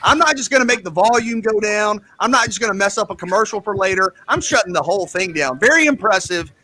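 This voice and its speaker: A man hosting a radio show, telling a teasing story in a casual, animated chat. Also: high-pitched, fast talker, low-quality recording.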